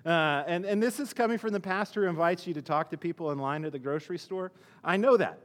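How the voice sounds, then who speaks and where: A man's voice: fairly high pitch, fast, long reverb tail. A male pastor preaching a sermon in a conversational way, often restarting his sentences and using fillers.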